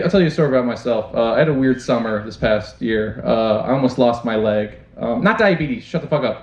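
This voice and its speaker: A young man doing a stand-up comedy set on a club stage, crude and self-deprecating, talking straight to the crowd. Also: fairly high pitch. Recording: roomy, dull club recording. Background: audience laughter.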